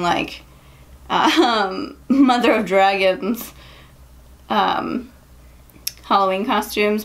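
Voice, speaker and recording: A young beauty vlogger chats casually about makeup and tells a story in a gravelly, medium-pitched voice. She fills her speech with "like" and "um" and laughs quickly now and then.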